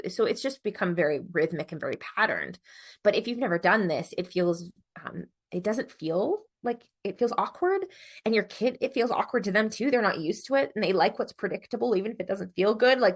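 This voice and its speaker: A woman's voice: on the low side, gravelly, breathy edge. A middle-aged woman giving a parenting webinar as a psychologist, chatty and informal, with many fillers and self-corrections.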